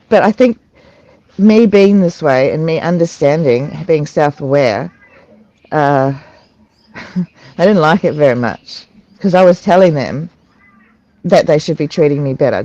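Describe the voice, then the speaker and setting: Over an online video call, an adult shares candidly at a recovery meeting, halting with many restarts, fillers, and laughs while recounting events. The medium-pitched voice has a dark tone and lively intonation. The sound is lo-fi with no echo.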